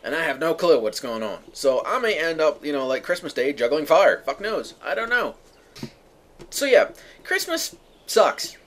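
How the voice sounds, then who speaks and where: Young guy from the uk ranting, swears constantly, voice jumps all over, kinda high. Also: very animated, fairly quick, few pauses, a bit bright. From United Kingdom. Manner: profane, sarcastic, exasperated ranting. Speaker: vlogger. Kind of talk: ranting monologue to camera.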